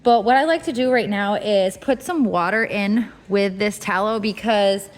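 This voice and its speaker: A woman explaining a kitchen task step by step in a relaxed, casual tutorial, with the odd filler. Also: medium pitch, moderate pace. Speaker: homestead cooking instructor. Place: home kitchen.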